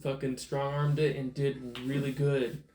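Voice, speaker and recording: A man's voice: medium pitch, level tone, a little slow, a loud crowd. A man acting as game master, recapping the last session in a rambling, offhand way full of fillers and laughs. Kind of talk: casual tabletop game recap. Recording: echoey room, faint noise.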